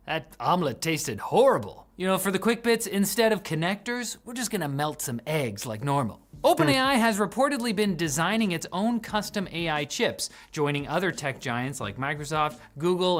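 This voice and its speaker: A man's voice: a little high, big pitch swings, moderate pace, few pauses, a bit bright. A man hosting a scripted tech news show, delivering the news with sarcastic jokes.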